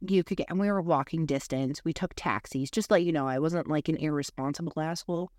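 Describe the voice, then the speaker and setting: A woman's voice: sits low, fast talker, a little mellow, dry recording, studio quality. A woman co-hosting a podcast, telling candid, rambling stories in casual chat, full of fillers and asides. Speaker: podcast co-host.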